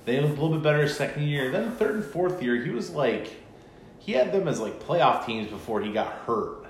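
A man's voice: a little high, sing-song, fairly quick. A man chatting casually about football in a laid-back, rambling way, hedging often. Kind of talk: casual chat. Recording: echoey room, faint ambient noise.

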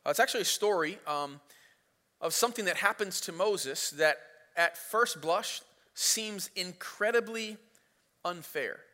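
A man's voice: high-pitched, animated, measured pace, bright, forceful tone. A man preaching a sermon as pastor, retelling the story in a casual, playful way. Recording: reverberant hall.

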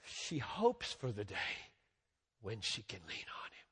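A man preaching a sermon as a pastor, with emphatic rises and drops in loudness and a slow, deliberate delivery. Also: on the low side, wildly swooping pitch, husky. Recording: long reverb of a large hall.

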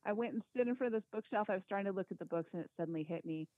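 A woman guest on a podcast, talking casually and reflectively, soft-spoken with pauses. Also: mid-range voice, dry recording. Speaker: guest, quilt designer and author. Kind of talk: casual interview chat. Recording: thin phone-like line.

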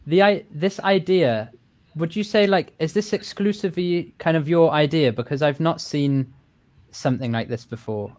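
A man's voice: fairly high pitch, normal speed, a little mellow. A man co-hosting, asking the guest eager and curious questions in a casual chat.

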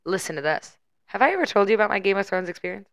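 A woman in her twenties co-hosting a podcast, telling a story with lively animation and acting out the people she quotes. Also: mid-range voice, racing, gravelly, dry recording, clean studio sound. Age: 20s. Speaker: podcast co-host. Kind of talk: casual chat.

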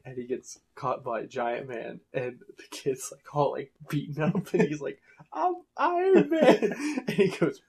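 A man in casual chat, retelling cartoon sketches in a lively way with voiced quotes. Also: mid-range voice, moderate pace, creaky, hardly any pauses.

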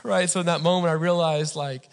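A pastor from Indiana gives a sermon, telling a story in a chatty way and often asking the crowd "right?". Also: male voice, a little high, fairly even intonation, a little fast. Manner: conversational, repeats "right?" for the audience. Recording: long hall reverb.

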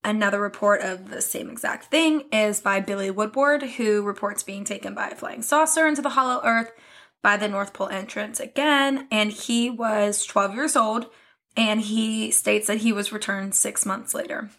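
A woman's voice: mid-range voice, normal speed, a bit bright. A young woman co-hosting a podcast in casual chat, chatty and often laughing. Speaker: podcast co-host.

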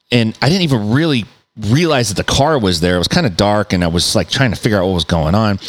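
A middle-aged man, a podcast host, telling a story in a loose, animated way, full of swearing and mouth sound effects. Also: mid-range voice. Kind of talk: casual storytelling.

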